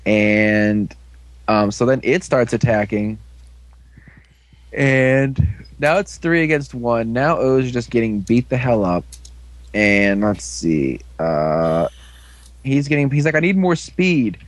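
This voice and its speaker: A man's voice: medium pitch, slow, pauses often, no echo. A man casually recapping an episode as a podcast co-host, rambling with lots of fillers. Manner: rambling, filler-heavy storytelling.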